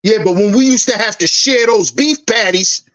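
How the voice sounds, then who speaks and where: A man's voice: sits high, normal speed, fairly bright tone. A man hosting a commentary channel, preaching an emphatic rant that repeats lines for effect and swears freely. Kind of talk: ranting social commentary.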